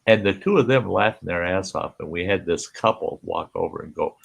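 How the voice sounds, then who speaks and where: A man's voice: low voice, a little fast, creaky, breathy edge. A man hosting a casual campfire chat, telling rambling anecdotes and acting out what people said, laughing along. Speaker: host.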